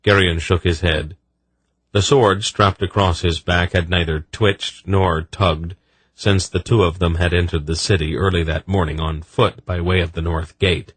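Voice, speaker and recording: A man narrating an audiobook in an even, measured read. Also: low-pitched, breathy edge, dry recording. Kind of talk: scripted narration.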